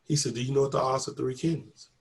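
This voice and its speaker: Quick-paced and fairly even in intonation, a man with a mid-range voice tells his personal story as an interviewee. He acts out every exchange with earnest conviction, repeating "I said" and "he said" in a faith-filled testimony delivered conversationally.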